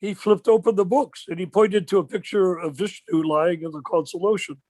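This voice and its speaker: Animated older man, high dry voice. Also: moderate pace, no echo. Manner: animated storyteller, rhetorical questions. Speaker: discussion leader. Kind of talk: informal religious discussion on a video call. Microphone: video call.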